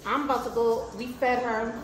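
A woman's voice: on the high side, moderate pace, roomy sound, a little hiss or hum, poor audio. A woman vlogger telling a story in casual, slangy chat, acting out what people said and swearing freely. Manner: animated, acts out quotes, slangy and swears casually.

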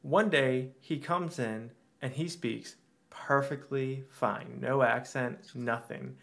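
A male podcast guest sharing stories in a casual, animated way. He voices the people in his stories with sudden jumps in pitch, and his own voice sits in a medium male pitch. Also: slow, gravelly. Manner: animated anecdote teller, acts out quotes. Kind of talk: casual chat.

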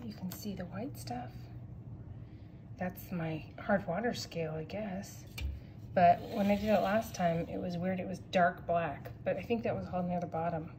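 A woman's voice: fairly low pitch, normal speed, background noise. A woman vlogging at home in her kitchen, chatting casually and rambling with lots of fillers as she cleans. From California, USA.

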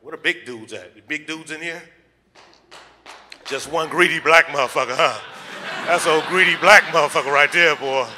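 A man's voice: on the high side, normal speed, pushed and bright, slight background noise. A man performing a crude stand-up comedy set in a comedy club, with loose punchlines and vivid put-on voices.

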